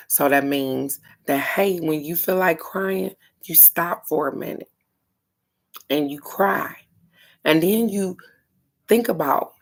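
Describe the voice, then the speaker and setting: A middle-aged woman with a low voice and vocal fry gives a casual card-of-the-day reading as an oracle card reader. She talks frankly and earnestly, dropping the occasional swear word.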